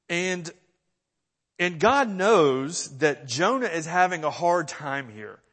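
Man, pastor, sermon, earnest, acts out pleas, slightly high voice, reverberant hall. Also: animated, unhurried, fairly bright tone. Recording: long church reverb.

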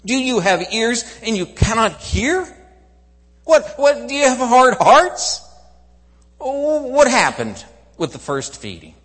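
Exasperated teacher scolding his followers, raised and shouting, pitched high , put on by a preacher; long echo. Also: huge pitch swings, normal speed, few pauses. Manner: loud rhetorical questioning.

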